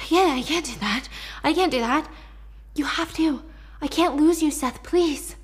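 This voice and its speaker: A woman's voice: high voice, measured pace, voice pushed up. A woman voicing a timid, panicky young man who speaks in a nervous, pleading way in a retold story. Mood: panicked.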